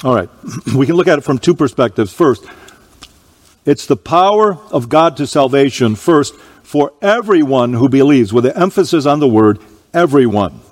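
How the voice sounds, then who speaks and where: An expressive man with a mid-range voice reads scripture aloud during a church sermon, his words trailing off into a long reverb. He stresses phrases slowly and emphatically, pausing to clear his allergy-irritated throat.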